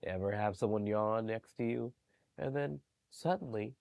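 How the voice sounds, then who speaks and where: Gentle yet animated, this man reads bedtime stories to small children as a library storyteller. His voice is on the low side and creaky, at normal speed, recorded with no echo.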